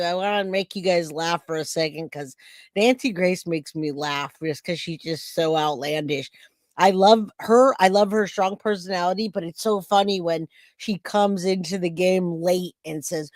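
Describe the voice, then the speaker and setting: A woman in her forties hosts a casual live reaction stream, joking and reading out chat comments. Her voice sits on the lower side and the sound is dry and close. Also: no room sound. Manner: chatty, jokey, reads out chat comments. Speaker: livestream reaction host.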